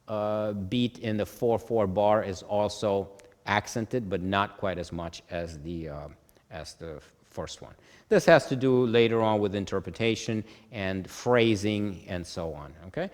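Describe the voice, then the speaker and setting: A man's voice: on the low side, big-room sound. A man teaching music theory at a board, explaining step by step, often checking "okay?" and chanting rhythms on "ta". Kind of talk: whiteboard lesson.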